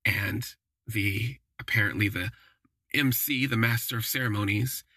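A podcast host with a low, husky, forceful voice tells a casual first-person story in a chatty, wry manner, leaning on loose fillers. He speaks at a measured pace, and the recording is dry and close with no room sound at all.

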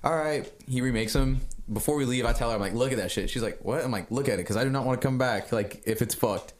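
A young man hosting a casual podcast, rattling through stories at a fast clip. He is animated, swears freely and acts out what other people said, with a medium-pitched voice. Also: a little hiss or hum. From Texas. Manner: animated storytelling, heavy swearing, acts out quotes. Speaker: podcast host.

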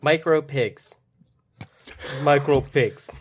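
A man's voice: on the high side, drawn-out words, slight background noise. A man improvising on a comedy podcast, flustered and giggly, breaking into mock singing and then bossy, clipped lines.

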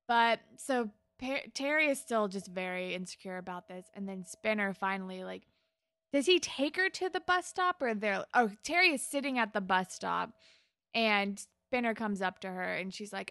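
A woman's voice: medium pitch, moderate pace, bright, forceful tone, no echo. A woman co-hosting a podcast, chatting casually as she retells scenes from a TV episode, frank and sometimes sweary. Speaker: podcast co-host. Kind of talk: casual chat recapping a TV episode.

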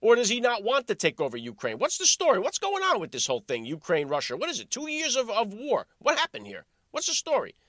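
High-pitched, sarcastic male podcast host. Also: fast, hardly any pauses, no echo, clean studio sound. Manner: animated, sarcastic, rhetorical questions. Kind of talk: political commentary monologue.

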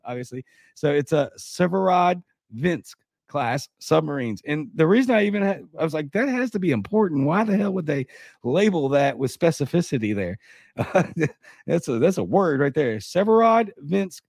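Gravelly man reading news with sarcastic asides. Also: mid-range voice, a little mellow, no room sound, studio quality. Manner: sarcastic asides, stumbles over words while reading. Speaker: show host. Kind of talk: reading news aloud with commentary.

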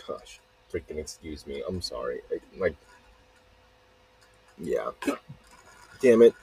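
A man's voice: deep voice, very animated, measured pace, long pauses, dark tone, low-quality recording. A man hosting a solo podcast, rambling and swearing, often cutting himself off mid-sentence, recorded outdoors. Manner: rambling, profane, self-interrupting. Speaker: podcast host.

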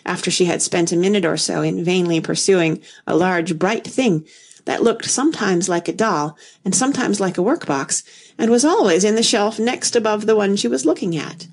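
A woman reading a classic storybook aloud in an even, unhurried narration. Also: lowish voice, vocal fry, husky.

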